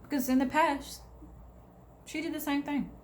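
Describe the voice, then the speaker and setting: A woman vlogger telling a personal story in a casual, animated, sarcastic way, acting out other people's lines. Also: high voice, moderate pace, slight background noise.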